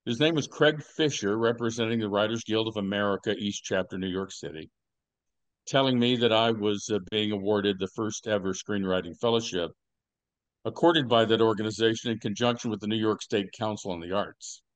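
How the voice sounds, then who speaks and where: A low-pitched older man hosting a casual podcast, drifting through long anecdotes with a deadpan delivery. He fills his pauses with plenty of "uh"s. His voice sounds dry and close to the mic. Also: dry recording. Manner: rambling storyteller, deadpan jokes, many fillers. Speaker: podcast host.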